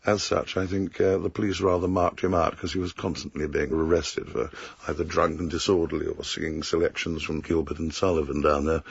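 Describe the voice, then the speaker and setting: A man from England with an extremely deep, gravelly voice looks back on the past in an unhurried way. The recording is dull and lo-fi. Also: no room sound. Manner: reminiscing, unhurried. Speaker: interviewee, younger brother. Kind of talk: interview recollection.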